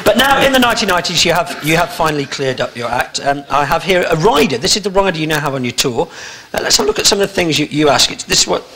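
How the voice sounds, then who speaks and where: A man's voice: a little high, big pitch swings, quick pace, background noise. A male talk show host with a wry, teasing delivery of prepared interview lines. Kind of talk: scripted chat show interview.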